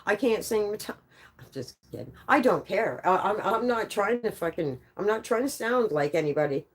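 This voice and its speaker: A woman's voice: medium pitch, lively intonation, moderate pace, breathy edge. A woman livestreaming, telling casual stories full of swearing and laughing often through her words. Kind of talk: casual storytelling on a live stream.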